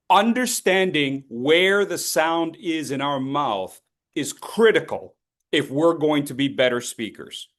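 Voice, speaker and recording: Guy running a zoom voice workshop, unhurried, jokey, leans on words. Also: fairly high pitch, animated. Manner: playful, teasing participants by name; slow, deliberate emphasis when teaching. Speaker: public speaking coach. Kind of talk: online voice workshop.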